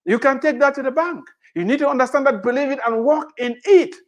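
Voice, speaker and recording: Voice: sits high, fast talker, dull audio. A preacher giving an impassioned sermon, repeating phrases and firing off rhetorical questions. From immigrant to the United States.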